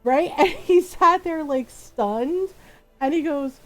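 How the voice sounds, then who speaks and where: A woman's voice: high-pitched, animated, measured pace, faint music behind, low-quality recording. A woman, ranting and swearing in casual chat as a streamer, laughing often. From Philippines.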